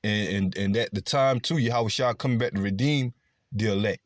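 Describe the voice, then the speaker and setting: A man's voice: lowish voice, moderate pace, dry recording. A man preaching a scripture-based sermon, emphatic, often adding "okay" and "man". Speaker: street preacher.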